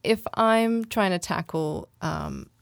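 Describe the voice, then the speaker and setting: A woman hosting the interview, asking questions in a relaxed way and agreeing readily. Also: fairly low pitch, slow, vocal fry, no echo, studio quality. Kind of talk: conversational interview.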